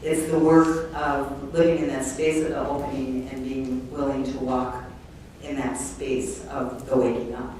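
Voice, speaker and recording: Woman, panelist, reflective, thinks aloud, even delivery, echoey distant room. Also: a bass voice, unhurried. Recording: echoey room from far off, faint noise.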